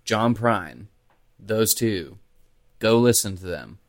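A man's voice: lowish voice, slow pace. A man with a Kentucky accent, co-hosting a casual podcast chat and telling stories with lots of fillers and swearing. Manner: animated storytelling with frequent fillers and profanity. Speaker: podcast co-host.

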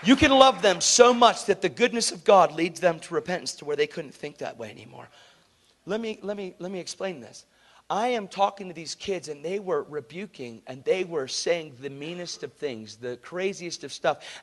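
Animated man preaching through a story. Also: a little high, normal speed. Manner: animated storyteller acting out dialogue; earnest, conversational, says "man" often. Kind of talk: sermon storytelling.

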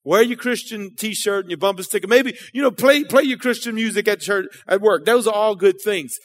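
A man's voice: sits high, moderate pace. A man preaching a sermon in a church, casual and conversational, calling out to the congregation.

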